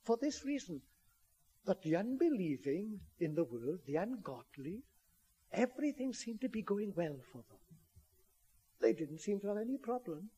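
This sermon comes from a man whose fairly high voice has a husky edge and a mellow quality. He is very animated at a normal speed, speaking earnestly and driving into emphatic appeals to his listeners.

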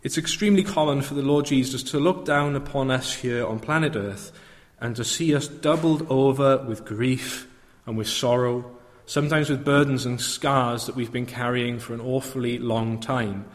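A man's voice: mid-range voice, moderate pace, long reverb tail. A male preacher giving an earnest sermon that rises to fervent proclamation.

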